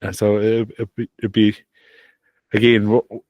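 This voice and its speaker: A man's voice: fairly low pitch, measured pace, dry recording, dull audio. A man hosting a podcast, chatting casually, often laughing and thinking aloud. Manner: laughs often, relaxed and reflective. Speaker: podcast host. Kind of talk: casual interview chat.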